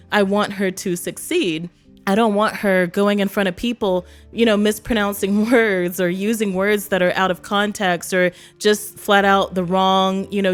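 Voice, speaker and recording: A woman from East Texas chats to camera in a loose, conversational way and laughs often. She acts out quotes in other voices along the way. Faint music plays under her voice. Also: mid-range voice. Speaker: vlogger. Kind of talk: casual talk to camera.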